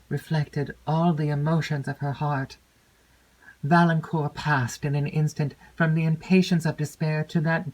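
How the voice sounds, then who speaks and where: A woman narrating a classic novel aloud in a measured, expressive way. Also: low-pitched, low-quality recording. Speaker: audiobook narrator.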